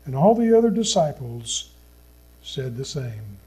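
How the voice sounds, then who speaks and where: A man preaching a sermon as a pastor, reading scripture in an earnest, slow manner that sinks to a hushed tone at solemn points. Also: medium pitch, sing-song, slightly rough, poor audio.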